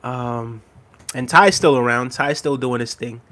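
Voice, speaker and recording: A man's voice: mid-range voice, a little slow, fairly bright tone. A man chatting casually on a live stream, reading out chat messages, repeating himself and laughing often.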